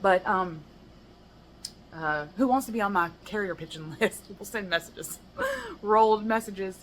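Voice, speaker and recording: An American woman poet reads her rhyming poems aloud in a mid-range, sing-song, somewhat bright voice, on a low-quality recording with slight background noise. Her measured recitation is broken up by casual, chatty, laughing asides between poems.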